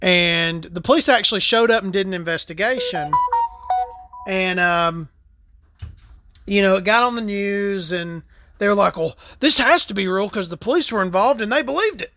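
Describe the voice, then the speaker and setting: A woman's voice: mid-range voice, moderate pace, a bit bright, faint music behind. A woman hosting a casual, rambling monologue, talking loosely and swearing freely as she stops to smoke and sip a drink. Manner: rambling, profane, laid-back storytelling; smoking and sipping between topics.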